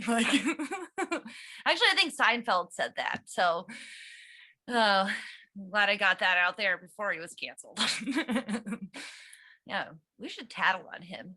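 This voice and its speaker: A woman's voice: a little high, sing-song, slow pace, sharp tone. A woman from West Virginia hosting and doing stand-up at an online comedy night, rambling and giggling through self-deprecating jokes. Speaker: comedian and show host. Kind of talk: stand-up set. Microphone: online show, own mic.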